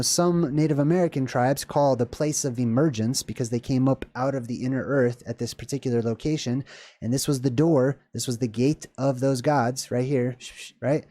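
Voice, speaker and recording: A man hosting a casual talk video, reading a passage aloud and breaking off into rambling, excited asides. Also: on the high side, no echo. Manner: rambling, animated asides with laughs and restarts. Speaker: video host. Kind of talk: casual lecture reading and commenting on scripture.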